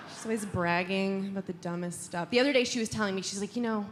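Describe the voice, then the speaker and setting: A woman doing stand-up on stage, brash and deadpan. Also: medium pitch, fast talker, hardly any pauses. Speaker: stand-up comedian. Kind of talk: stand-up comedy. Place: stage with a live audience. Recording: live stage recording with room noise.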